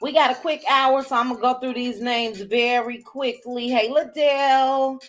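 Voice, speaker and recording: A woman hosting a livestream, greeting viewers by name in a casual chat with drawn-out, chatty greetings. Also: high-pitched, steady tone, fairly bright tone, faint music behind. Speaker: livestream host.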